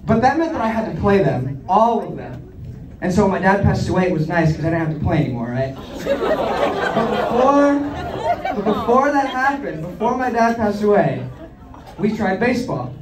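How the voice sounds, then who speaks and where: A man's voice: sits high, a little fast, heavy background noise. A young man in his twenties telling self-deprecating stand-up stories on a comedy club stage. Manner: self-deprecating, animated storyteller. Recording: echoey club, distant, crowd laughter. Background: audience laughter.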